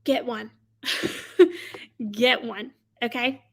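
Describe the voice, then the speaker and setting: A woman's voice: fairly high pitch, steady tone, extremely slow. A woman hosting a casual live stream from her home desk, chatty and upbeat, laughing often and tagging nearly every sentence with "okay?". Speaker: host coaching online sellers.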